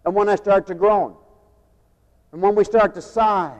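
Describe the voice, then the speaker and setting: A man preaching a sermon, turning emphatic on key phrases and dropping quieter for personal stories. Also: sits high, a little slow. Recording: dull lo-fi tape in a long-echo hall.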